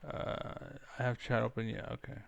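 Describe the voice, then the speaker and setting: A man's voice: mid-range voice, little pitch movement, normal speed, creaky, muffled recording, heavy background noise. A man streaming a game, ranting in a rambling, profane way as he comments on the play. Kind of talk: live-stream gaming commentary.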